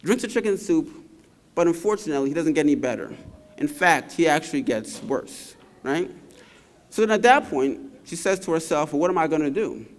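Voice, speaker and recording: A man delivering a commencement address, spinning a folksy fable and punctuating it with constant tag questions to keep listeners with him. His voice sits a touch high for a man. It carries the long reverb of a large hall. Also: animated, normal speed. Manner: engaging, checks in with frequent tag questions. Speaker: commencement speaker. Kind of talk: graduation speech, storytelling.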